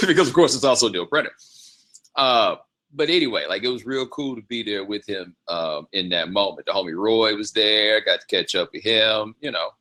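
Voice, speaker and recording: Male host, very low but bright, forward voice; loose, digressive storyteller. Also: lively intonation, normal speed. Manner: rambling, loose, laughing, slangy. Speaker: podcast host. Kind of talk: casual storytelling monologue.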